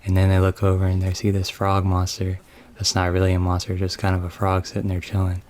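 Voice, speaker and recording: Deep flat deadpan man. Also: fairly quick. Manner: deadpan, mocking. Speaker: game story recapper. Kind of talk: comedic sarcastic story summary.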